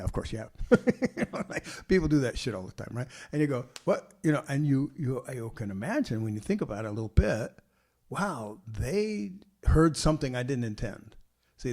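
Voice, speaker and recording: An older man explains ideas to his listeners in loose, informal talk. He is blunt and plain-spoken, and he keeps asking whether you follow him. His voice sits at an ordinary pitch for a man. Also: darkish tone. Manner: conversational, tags points with "see?" and "you know"; casual and blunt, laughs easily. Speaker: teacher hosting his podcast.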